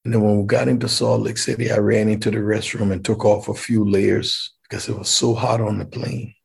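A man's voice: on the low side, level tone, a little fast, creaky, husky. A man from Liberia, animatedly telling a personal story and acting out the dialogue.

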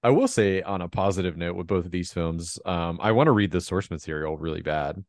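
Brief: low-voiced, gravelly male podcast co-host, rambling film chat, dry close sound. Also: brisk, no room sound. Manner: rambling, filler-heavy, laughs easily. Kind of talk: casual film discussion.

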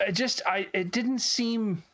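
A man's voice: high voice, unhurried, a bit bright. A man co-hosting a podcast, speaking hesitantly with frequent fillers and restarts. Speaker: podcast co-host. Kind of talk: casual podcast banter.

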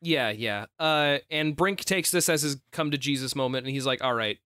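A man's voice: on the high side, normal speed, bright, forceful tone, clear, resonant tone, no echo, studio quality. A man co-hosting a podcast, recapping a movie in casual chat, rambling with restarts and casual swearing. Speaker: podcast co-host.

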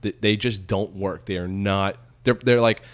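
A man's voice: lowish voice, steady tone, moderate pace. A man co-hosting a casual podcast chat, rambling and questioning with many restarts. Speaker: podcast co-host.

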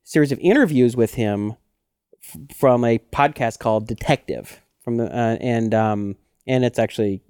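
A man co-hosting a podcast in casual chat, telling stories with lively acted-out quotes. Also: mid-range voice, normal speed, clear, resonant tone, no room sound, studio quality. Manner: animated storyteller who acts out quotes. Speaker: podcast co-host.

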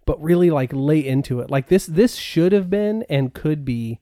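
A man's voice: a little high, animated, moderate pace, dark tone, no echo, clean studio sound. A man co-hosting a podcast, talking casually with many fillers and restarts. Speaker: podcast co-host. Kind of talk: casual chat.

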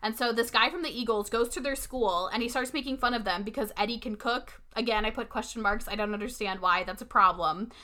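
A woman casually recapping a TV episode with a co-host, retelling scenes through quick quoted lines. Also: on the high side, bright, forceful tone.

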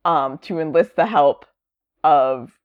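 A woman in casual podcast chat about comics, rambling with many fillers and lively quoted voices. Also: sits low, takes it slowly, phone-quality sound.

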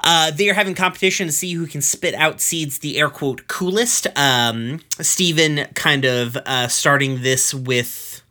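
A man chats through an episode recap in a loose, profane podcast manner, full of ums and asides. His voice sits a bit high and sounds bright and forceful. He keeps an offhand, conversational flow. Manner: loose and profane, many fillers, quick asides. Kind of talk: casual chat, episode recap.

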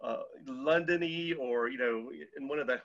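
A man's voice: mid-range voice, moderate pace, fairly bright tone. A man in an improvised comedy scene, speaking hesitantly and tactfully with lots of fillers. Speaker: improv performer. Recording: dull lo-fi recording.

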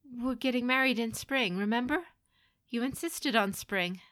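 A woman's voice: a little high, a little slow, a bit bright, voice pushed up. A woman voicing a desperate young man pleading with his mother, raised and stammering. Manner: rising, stammering, frantic pleas.

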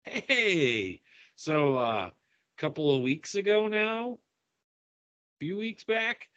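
A man's voice: a little high, very animated, extremely slow, a bit bright. A man co-hosting a podcast, sharing science news in a rambling, casual way with many fillers. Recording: dull lo-fi audio.

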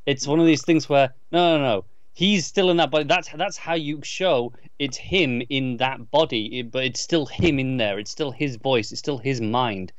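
A man's voice: mid-range voice, moderate pace, few pauses, no echo. Man insistently griping, dull dry sound. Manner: emphatic, insistent complaints with stammered restarts. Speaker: podcast co-host. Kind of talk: casual chat reviewing a TV episode.

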